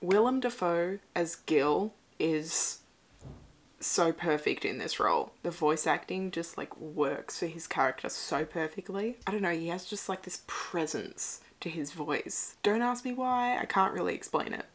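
A young woman giving a casual, excitable movie reaction commentary. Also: on the low side, unhurried. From Australia. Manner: excitable, swears and laughs at the screen. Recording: noisy home recording.

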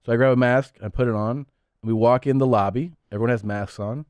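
A man hosting a podcast, telling a story in a relaxed way with fillers. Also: medium pitch, fast talker, clear, resonant tone, no echo, studio quality. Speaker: podcast host. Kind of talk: casual chat.

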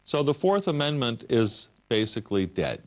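A man's voice: medium pitch, big pitch swings, moderate pace. An American man, a guest on a broadcast religious interview, arguing his case passionately and with emphasis, stacking up repeated words and lists. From United States.

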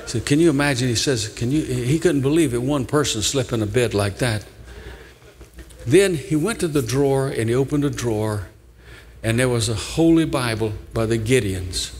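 A man's voice: medium pitch, expressive, moderate pace, a little mellow. An older man preaching a sermon as pastor, telling a story in an earnest manner and pleading with his listeners. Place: large church sanctuary. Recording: long church hall reverb.

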